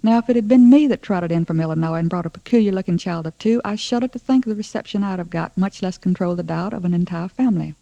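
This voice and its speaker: A woman reading a first-person story aloud, wry and aggrieved in her telling. Her voice is low with a gravelly fry, dark and mellow in tone, and the sound is close and dry. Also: quick pace, hardly any pauses, no echo, dull audio. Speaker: story reader.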